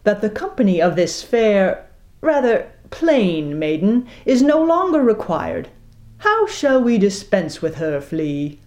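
A woman's voice: medium pitch, sing-song, slow pace, a little mellow, pitched above the performer's own voice. Woman doing a syrupy, gloating pirate captain. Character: smug, cruel male pirate captain, theatrical.

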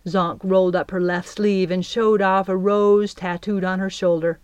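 Woman, audiobook narrator, calm even storytelling, dry close recording. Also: medium pitch, normal speed, clear, resonant tone, no echo.

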